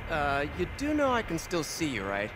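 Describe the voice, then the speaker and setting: A man's voice: on the high side, huge pitch swings, moderate pace, background noise. An actor playing a wisecracking young male superhero in a video game, tossing off sarcastic jokes. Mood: teasing. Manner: sarcastic quips.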